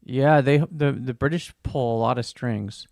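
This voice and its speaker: An American man co-hosting a podcast, chatting casually in a relaxed, hesitant way with many fillers. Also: medium pitch, unhurried, creaky, no room sound, clean studio sound. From United States. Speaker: podcast co-host. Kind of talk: casual chat.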